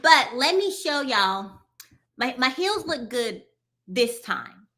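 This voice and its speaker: A woman co-hosting a casual chat, lively and talking straight to her audience. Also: a little high, takes it slowly. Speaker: co-host.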